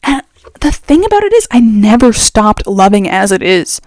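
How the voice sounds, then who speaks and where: A young adult trans man chatting casually as a vlogger, rambling and expressive, his voice going up and down, speaking very close to the mic. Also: sits high, normal speed, no echo. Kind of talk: casual chat.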